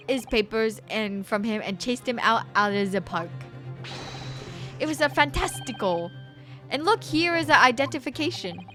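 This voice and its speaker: Boastful Italian old-timer, high and brash, loud delivery, music bed behind, woman voicing. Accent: put-on Italian. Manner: animated, loud, broken grammar. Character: excitable older Italian man, boastful, cheeky.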